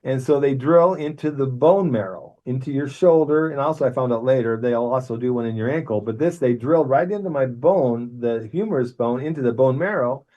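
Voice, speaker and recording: A man's voice: mid-range voice, dull audio. A man in his sixties, living in Arizona, telling his near-death experience in an earnest way, acting out the voices of others and restarting his sentences. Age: 60s. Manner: earnest, animated when quoting others, halting restarts. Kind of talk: personal storytelling.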